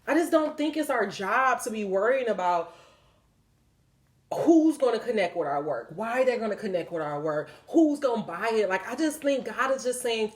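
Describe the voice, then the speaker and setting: A woman's voice: a little high, animated, moderate pace. A woman, giving a spiritual card reading in an emphatic, preachy way with lots of swearing. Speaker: tarot reader.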